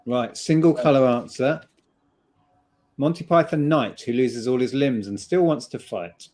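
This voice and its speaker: A man's voice: medium pitch, unhurried, a little mellow. A man hosting a casual quiz in a live-stream chat, joking along as he reads out questions. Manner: jokey, puts on silly voices. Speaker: quizmaster.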